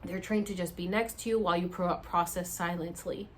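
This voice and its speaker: A woman vlogger telling a story to camera in a casual, animated way, swearing freely and acting out her own reactions. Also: on the low side, a little fast, a little hiss or hum.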